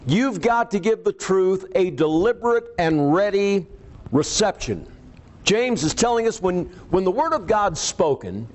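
Male preacher, lively pitch swings, higher-pitched, emphatic pauses for stress. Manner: reads scripture aloud. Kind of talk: sermon.

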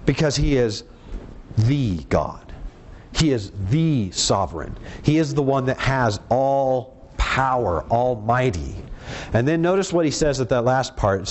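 A man preaching a sermon in an earnest, emphatic way, reading scripture aloud and slowing down on the words he wants to stress. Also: mid-range voice, expressive, darkish tone, a little hiss or hum.

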